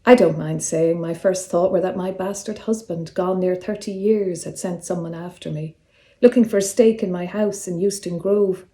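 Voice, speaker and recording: A woman, an author reading from her own novel in a calm, measured way. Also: lowish voice. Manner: calm, measured reading; casual, slightly hesitant when speaking off-script. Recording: roomy echo.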